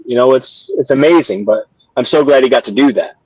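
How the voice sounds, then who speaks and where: A man's voice: mid-range voice, a little fast, darkish tone, no echo, rough recording. An older man, a former wrestler, telling stories in a casual interview over a video call, with many restarts and fillers. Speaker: guest, former pro wrestler.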